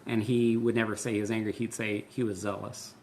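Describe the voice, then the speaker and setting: A man's voice: on the low side, little pitch movement, fairly quick, crowd noise. A man in his thirties, a pastor and host, explaining things in a casual, candid and earnest way. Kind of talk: casual conversational teaching.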